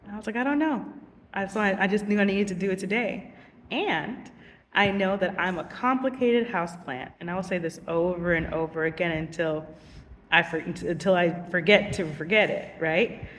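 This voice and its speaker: A young woman teacher telling casual vlog stories, animated and giggly, acting out voices. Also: fairly low pitch, normal speed, big-room sound, far from the mic, a little hiss or hum.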